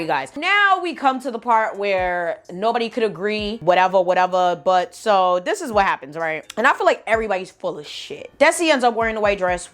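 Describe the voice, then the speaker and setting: A woman telling a storytime in a casual vlog, animated and profane, acting out texts and dialogue. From United States. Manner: animated and profane, reenacts texts and dialogue with big pitch jumps. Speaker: storytime vlogger.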